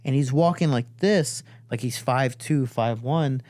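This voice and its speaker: A man's voice: mid-range voice, measured pace, darkish tone, no echo. A man hosting a podcast, telling a story casually with plenty of swearing and acting out the voices of the people in it. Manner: profane, acts out quoted voices. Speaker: podcast host and fighter. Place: studio.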